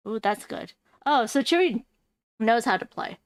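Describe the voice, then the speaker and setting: A woman's voice: a little high, animated, normal speed, clean tone, dry recording. A woman hosting a board game stream, chatting casually and thinking aloud as she plays, with lots of fillers. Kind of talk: casual gameplay chat.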